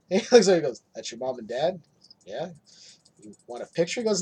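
A man's voice: mid-range voice, big pitch swings, a little fast, long pauses, a little mellow, slightly rough. A man in casual podcast chat, animatedly retelling a horror film, acting out lines and swearing freely. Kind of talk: casual movie recap chat.

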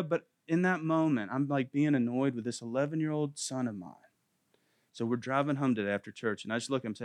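A man's voice: medium pitch, brisk, dry recording, clean studio sound. A man in his thirties giving an earnest, faith-based parenting talk, repeating phrases for emphasis. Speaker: parenting class teacher.

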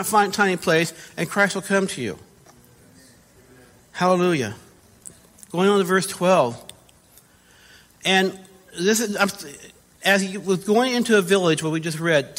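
High-voiced man preaching in a reverberant church. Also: a bit bright. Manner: conversational preaching with self-corrections and direct questions to viewers. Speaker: pastor. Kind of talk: sermon. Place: church with spaced-out pews. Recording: church service with long reverb.

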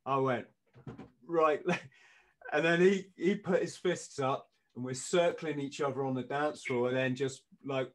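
Lively man telling stories. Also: mid-range voice, normal speed. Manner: lively anecdotes, acting out quoted lines in punchy bursts. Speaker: podcast guest. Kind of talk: storytelling in casual chat.

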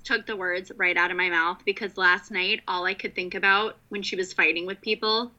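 A woman's voice: mid-range voice, steady tone, a little fast, pushed and bright, dull audio. A woman co-hosting a casual reality TV recap, blunt and opinionated.

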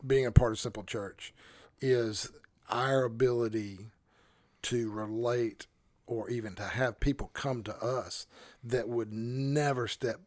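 Animated male pastor telling a story. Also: medium pitch, slow, no echo. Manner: animated, self-interrupting, chuckles through his story. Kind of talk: casual storytelling on a podcast.

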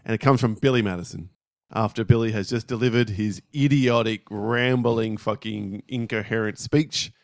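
A man's voice: lowish voice, normal speed, creaky. A man co-hosting a comedy podcast, wry and explaining the background of each clip. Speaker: podcast co-host. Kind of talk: casual comedy banter.

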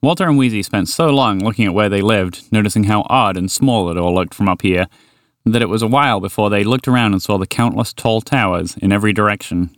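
A man narrating a children's story with an expressive reading. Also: lowish voice, brisk, no room sound, studio quality.

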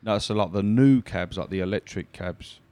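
A man's voice: on the low side, moderate pace, mellow, clear, resonant tone. A man who drives a cab, chatting casually on a podcast and telling cheeky stories, putting on voices for the people in them. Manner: cheeky storytelling with put-on quoted voices. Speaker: cab driver and online comedian, guest.

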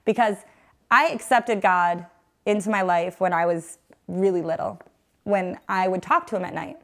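A woman's voice: medium pitch, normal speed. A woman in her thirties from upstate New York, telling her faith story as an interview guest, earnest and rambling with many fillers and restarts. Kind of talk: personal faith testimony in conversation.

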